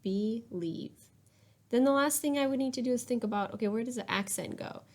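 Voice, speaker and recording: A woman's voice: fairly high pitch, fast, a little mellow. A woman teacher giving a recorded spelling lesson to young children, explaining each step patiently. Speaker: third-grade teacher.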